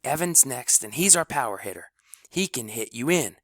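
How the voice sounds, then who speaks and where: A man voicing an eager boy on the bench who shouts encouragement. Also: medium pitch, expressive, normal speed, no echo, clean studio sound, voice pushed up. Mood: earnest. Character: excited boy teammate cheering from the bench.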